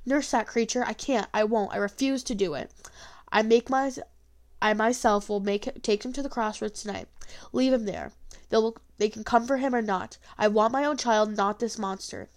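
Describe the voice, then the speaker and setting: A woman's voice: a little high, moderate pace, lightly acted. A woman reading aloud, voicing a frightened, distraught young mother who pleads and protests. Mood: defiant.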